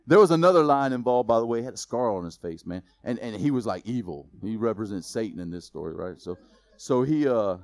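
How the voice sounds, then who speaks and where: A man preaching a sermon, telling a story in a lively, casual way with slang. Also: fairly low pitch, a little fast, no echo. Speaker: pastor.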